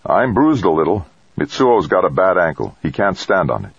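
A man's voice: low-pitched, normal speed, vocal fry, slightly rough, dry recording, muffled recording, pitched above the performer's own voice, full character voice. A man voicing a stranded male astronaut who sounds tense but in control. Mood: tense, controlled. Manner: terse, calm under pressure.

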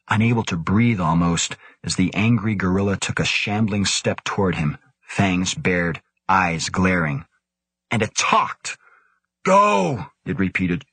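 A man narrating an audiobook in a measured, suspenseful manner. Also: sits low, a bit bright, husky, no room sound.

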